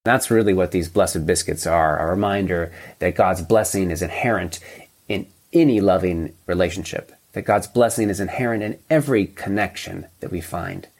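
Earnest lower-voiced priest. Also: male voice, moderate pace, a little mellow. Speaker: priest guest. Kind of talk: casual interview talk.

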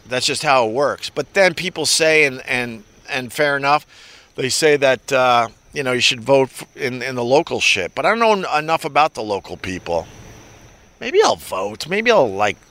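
Male stream host, bright edgy voice, rambling and foul-mouthed, reads chat aloud. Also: mid-range voice, lively intonation, normal speed. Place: New York.

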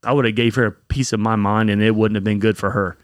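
A young man, a podcast co-host, telling a story in casual chat, animated and profane. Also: on the low side, fast talker, dry recording, clean studio sound.

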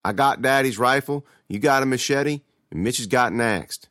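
A man's voice: mid-range voice, normal speed, fairly bright tone, no echo, studio quality, natural voice. A man doing a tough protective older brother. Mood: calm, commanding. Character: older brother Lee, steady, protective, commanding teen boy.

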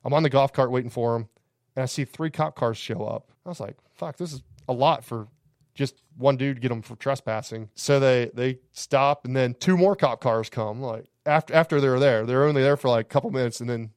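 A man's voice: medium pitch, fairly quick, a little mellow, smooth, no echo, clean studio sound. Profane man telling campground stories. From Alabama. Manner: rambling, profane, laughing anecdotes. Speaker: campground owner, podcast guest. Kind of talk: casual podcast storytelling.

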